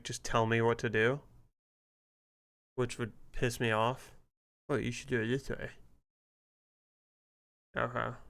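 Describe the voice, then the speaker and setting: A man's voice: medium pitch, bright, forceful tone, clean tone. A man streaming a game who rambles in casual commentary, sounding irritated and swearing freely. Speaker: gaming streamer.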